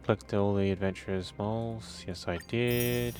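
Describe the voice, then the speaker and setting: A man's voice: lowish voice, fairly even intonation, moderate pace, darkish tone. A man casually commentating while he plays a video game, offhand and joking, with the occasional swear word. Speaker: gaming video host. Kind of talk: casual let's play commentary. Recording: voice over game music.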